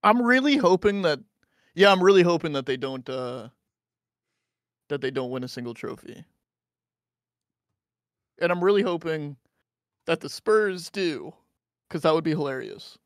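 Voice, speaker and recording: A man's voice: on the high side, lively intonation, measured pace, long pauses, no echo, studio quality. An American man guesting on a stream, chatting in an easygoing, apologetic way and laughing easily. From United States. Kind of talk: casual chat.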